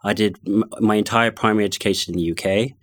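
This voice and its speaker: A middle-aged man with a low voice and a London accent that slips toward Connemara at times. He speaks in a reflective, hesitant way, full of fillers and restarts. The recording is close and dry, with no room sound. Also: steady tone, quick pace, no echo. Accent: London with touches of Connemara. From born in London, family from Galway. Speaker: guest sharing personal experience. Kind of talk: reflective personal account.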